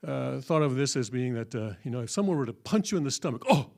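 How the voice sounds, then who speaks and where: A man's voice: mid-range voice, animated, fast talker, gravelly, darkish tone. A man giving a patient, step-by-step classroom lecture at a church, with many fillers and frequent check-ins with his listeners. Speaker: church teacher. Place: church hall.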